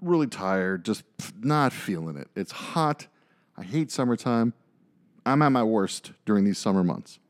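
A man in his thirties holds forth in a casual podcast chat, venting through a story with plenty of swearing and big emphasis. His voice sits a little low. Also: unhurried. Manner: animated, profane ranting storyteller. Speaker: podcast co-host.

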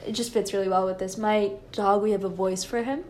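A woman's voice: mid-range voice, fairly even intonation, a little fast, darkish tone, a little hiss or hum. A young woman co-hosting a podcast, chatting casually, giggly and rambling with many restarts. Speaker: podcast co-host. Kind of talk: casual chat.

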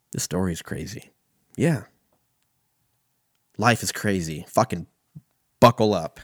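A young man from California telling a profane, animated stand-up story. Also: low-pitched, takes it slowly, pauses often, husky, no echo, studio quality. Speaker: comedian.

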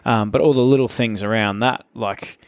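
A male coach in casual conversation, relaxed and encouraging, with lots of fillers. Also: medium pitch, normal speed, clear, resonant tone, dry recording, clean studio sound. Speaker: coach, trainer.

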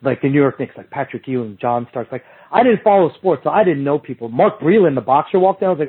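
A middle-aged man guesting on a podcast, his voice a little high and husky. He tells rambling anecdotes, restarts often, and drops into other people's voices for quotes. The sound comes through a thin, phone-like remote line. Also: lively intonation, quick pace. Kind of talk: casual storytelling chat.

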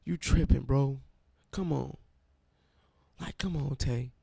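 A man voicing a hyped-up young male friend loudly cheering him on. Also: medium pitch, slow, creaky, breathy edge, dry recording, voice pushed up, full character voice. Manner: loud, over-the-top encouragement.

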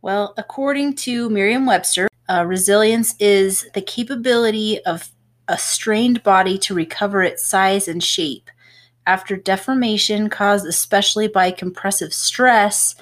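A woman's voice: medium pitch, measured pace. A woman, a home health nurse, co-hosting a casual podcast and explaining at length with small laughs.

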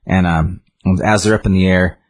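A man's voice: sits low, steady tone, normal speed. A man casually retelling a book's story in a rambling way, with many restarts and fillers. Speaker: book reviewer.

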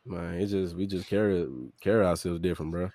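A man's voice: low voice, little pitch movement, fairly quick, dark tone, no room sound, studio quality. A man from Memphis with a Southern accent, a podcast guest talking emphatically and profanely in casual chat. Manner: emphatic, profane, calls people fool and bro.

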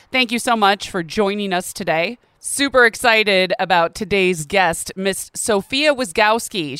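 A woman's voice: medium pitch, fairly bright tone, clean tone, no echo. A woman hosting a podcast on a close mic, chatting casually with lots of fillers and a self-deprecating, laughing manner. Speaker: podcast host. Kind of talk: casual solo podcast talk.

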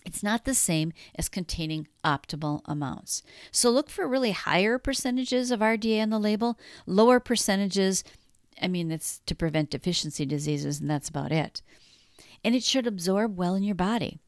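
A middle-aged woman hosting a wellness podcast, guiding breathing in a calm, soothing, encouraging way. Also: mid-range voice, moderate pace, dry recording, clean studio sound. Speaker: wellness coach and podcast host. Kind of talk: podcast monologue with guided breathing.

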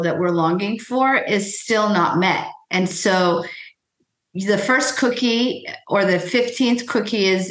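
A woman who is a guest author, answering interview questions in a measured, reflective way. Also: mid-range voice, fairly bright tone. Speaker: author and weight-loss guest. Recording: echoey room.

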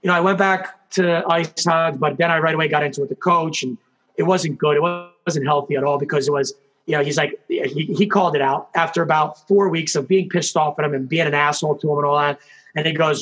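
A man telling his story as an interview guest, animated, acting out what people said, with lots of fillers. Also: a little high, brisk. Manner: animated storyteller, acts out quotes, many fillers. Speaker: guest, hockey coach and former player.

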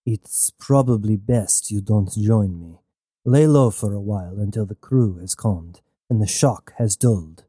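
A man's voice: lowish voice, unhurried, warm tone, husky, no echo, clean studio sound. Man playing a stern, curt starship captain. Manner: commanding, curt.

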